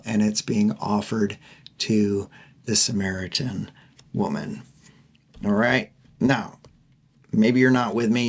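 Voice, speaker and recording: A young man teaching through a Bible passage in a relaxed, conversational way, often laughing and checking in with his listeners. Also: mid-range voice, husky.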